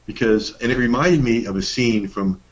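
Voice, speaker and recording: A man's voice: medium pitch, normal speed, slightly rough, lo-fi sound. A middle-aged man co-hosting a workshop, talking in a casual, folksy way with playful emphasis. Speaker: workshop co-host. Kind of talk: casual teaching talk.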